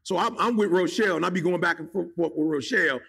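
A man's voice: sits high, fast, vocal fry, a bit bright, slightly rough. A man giving a motivational talk in an emphatic, casual, slangy way, firing off rhetorical questions at his listeners. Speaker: motivational speaker.

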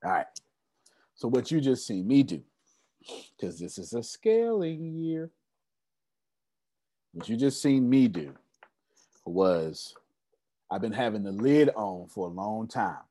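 A man's voice: on the low side, big pitch swings, slow, pauses often, warm tone. A man giving a business seminar to a live audience, emphatic and repetitive, often asking the crowd rhetorical questions. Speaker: business coach.

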